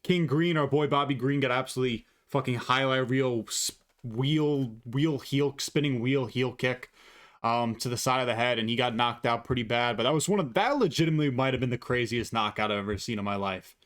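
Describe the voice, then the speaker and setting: A man's voice: medium pitch, fairly quick, fairly bright tone. A man hosting a casual sports commentary video, blunt and opinionated, swearing freely. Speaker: host.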